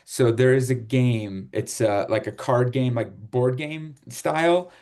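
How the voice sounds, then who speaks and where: A man from Chicago hosting a casual group chat on a video call, relaxed and rambling with fillers and laughs. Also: mid-range voice, measured pace, hardly any pauses. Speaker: host.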